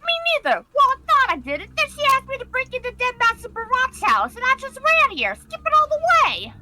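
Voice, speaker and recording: A woman acting out a scrappy boy burglar from a game, all brash New York swagger. He grumbles and talks tough, in a lowered but still bright voice that swoops about. A steady hiss of noise sits under it. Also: brisk. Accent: put-on New York. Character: scrappy street-kid boy lockpicker.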